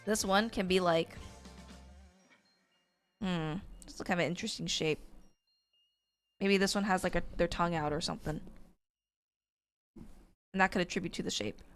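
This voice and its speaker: Woman art teacher rambling thru a live drawing class, lowish voice, soft music behind. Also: moderate pace, long pauses. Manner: chatty, rambling, filler-heavy. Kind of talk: live-stream drawing lesson.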